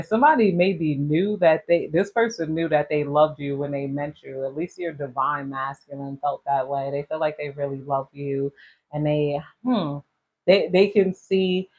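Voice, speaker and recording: A woman's voice: sits low, darkish tone, muffled recording. Chatty rambling woman tarot reader. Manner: rambling, chatty, slangy, laughs often. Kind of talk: casual tarot reading.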